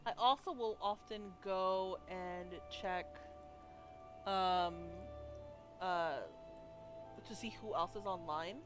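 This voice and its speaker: Animated woman streamer retelling a chat. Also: medium pitch, slow pace, pauses often, music in the background. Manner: animated storyteller, acts out both sides of conversations. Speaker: Spanish teacher. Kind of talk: casual chat.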